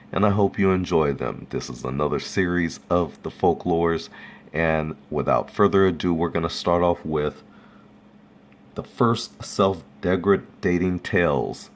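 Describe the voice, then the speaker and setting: A man casually reading folk tales aloud, relaxed and chuckling at his own jokes. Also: low voice. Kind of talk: casual read-aloud storytelling.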